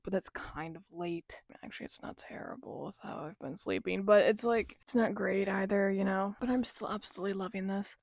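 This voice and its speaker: A young adult woman with a medium-pitched, creaky, slightly mellow voice is recorded in clean studio sound with no room echo. As a book vlogger in a casual reading vlog, she gushes about the book she's reading, using lots of fillers.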